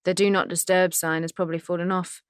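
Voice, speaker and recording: Relaxed offhand husband, as a woman reads him, low voice, dry sound. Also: fast talker, clear, resonant tone, dry recording, lightly acted. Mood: casual. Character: easygoing husband.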